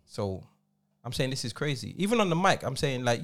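In casual podcast chat, an English DJ and co-host in his forties spins animated stories in a London accent, performing quotes in slang. His voice is mid-range and fairly quick.

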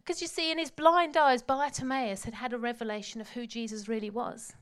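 A woman preaching a sermon, telling the story dramatically and swinging from hushed tones to loud calls. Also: fairly high pitch, steady tone, brisk.

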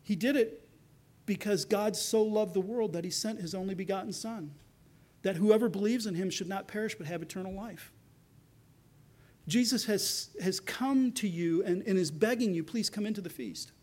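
High-voiced pastor preaching. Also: male voice, moderate pace. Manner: earnest, acts out quoted voices, drops soft for tender lines. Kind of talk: sermon.

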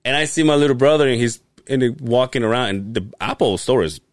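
A middle-aged man hosting a podcast who tells a long story in a casual, animated way, swearing often and laughing as he goes. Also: mid-range voice, fast, no echo, clean studio sound. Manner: animated, profane, laughs while telling stories. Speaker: podcast host.

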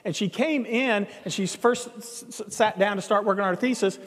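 High-voiced male pastor in a hall. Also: normal speed. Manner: animated, acts out quoted dialogue, conversational asides. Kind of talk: sermon storytelling. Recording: long hall reverb.

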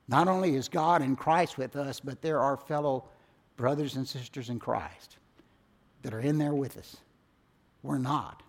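A man preaching a sermon, swinging from loud emphatic lines to hushed, low phrase endings. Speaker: pastor.

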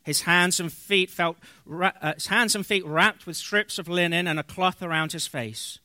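A man with a high, bright voice preaches a sermon, reading scripture aloud and explaining it in an earnest, unhurried way with pauses and small fillers. The sound is close and dry. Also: no room sound. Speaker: pastor.

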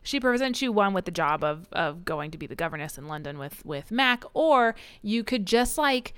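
A woman co-hosting a casual book podcast, recapping a novel with lively acted-out lines and laughter. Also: on the low side, moderate pace, smooth, no room sound. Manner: animated retelling, acting out characters' lines with swearing and laughs. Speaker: podcast co-host. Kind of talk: casual book-club chat.

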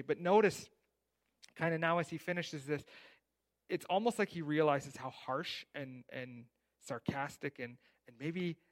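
A conversational preaching man, slightly high-pitched. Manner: conversational preaching with frequent "right?" and rhetorical questions; rises loud on emphasis, drops soft at line ends. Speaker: pastor. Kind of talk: sermon.

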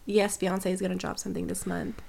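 Gravelly young woman, excitable podcast co-host. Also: on the low side, crowd noise. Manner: animated, enthusiastic pop fan, quick to push back. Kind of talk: casual chat.

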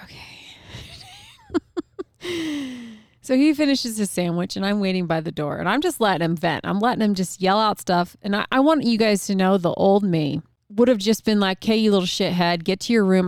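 Candid mom with a gravelly low voice. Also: female voice, darkish tone, dry recording, clean studio sound. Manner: candid, emotional, fillers like "like" and "um". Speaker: mother sharing a parenting story. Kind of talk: casual personal storytelling.

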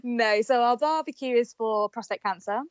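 A woman's voice: a little high, moderate pace, no echo, lo-fi sound. A woman, speaking as a fan trust representative in a casual podcast chat, earnest and giggly with many fillers.

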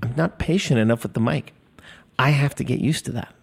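A man's voice: medium pitch, brisk, gravelly, husky. Man, 50s, solo podcast host, loose rambling delivery, cusses, self-deprecating. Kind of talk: casual solo podcast monologue. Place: recording studio. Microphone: studio microphone.

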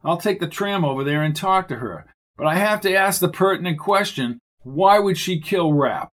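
A man's voice: sits high, animated, moderate pace, a bit bright. A man reading the lines of a grumpy, sarcastic male detective in a clipped manner. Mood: gruff sardonic.

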